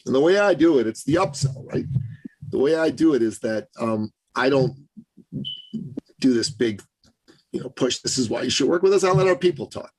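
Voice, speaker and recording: Appearing as a guest on an interview podcast, a business coach tells a personal story in an earnest, conversational way, dropping in small asides. His voice is medium-pitched and dark, and the recording is rough.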